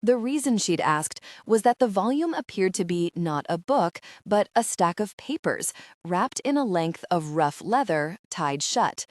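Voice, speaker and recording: A woman narrating a fantasy audiobook in a measured, steady reading. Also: mid-range voice, no echo, clean studio sound.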